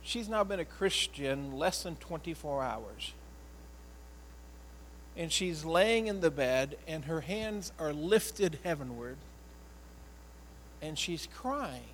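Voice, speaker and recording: A man, a pastor, telling a personal story in an earnest, emotional sermon style, often halting and repeating words. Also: a little high, animated, fairly bright tone, a little hiss or hum, rough recording.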